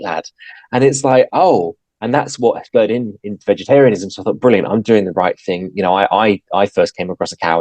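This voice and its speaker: A man's voice: low voice, darkish tone, dry recording, rough recording. A man, a podcast guest telling his story in casual talk, hesitant with many fillers and restarts. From England.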